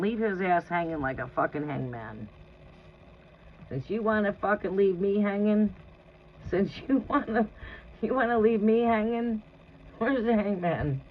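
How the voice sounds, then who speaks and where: A tarot reader on a live reading gives blunt, profane advice and laughs often. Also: medium pitch. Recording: dull lo-fi sound with faint noise.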